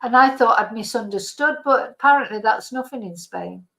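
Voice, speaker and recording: A woman's voice: on the high side, normal speed, creaky, a bit bright, rough recording. A middle-aged woman with a Manchester accent, chatting casually with viewers on a livestream and laughing often. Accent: Mancunian. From Manchester, England. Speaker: livestream host.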